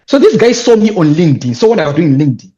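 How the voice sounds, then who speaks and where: A young man with a Zimbabwean accent telling his story as an interview guest, animated and emphatic, repeating words when excited. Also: a little high, racing, dull audio. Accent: Zimbabwean English. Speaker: guest, youth leadership speaker.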